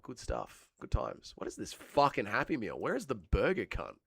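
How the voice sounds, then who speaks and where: A man's voice: on the low side, wildly swooping pitch, normal speed, vocal fry, fairly bright tone, breathy edge, no room sound. An Australian man with a cold hosting a livestream, chatting casually with his viewers, rambling and swearing a lot. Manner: crude, swearing, rambling banter. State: has a cold. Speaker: livestream host. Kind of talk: casual chat reading live chat.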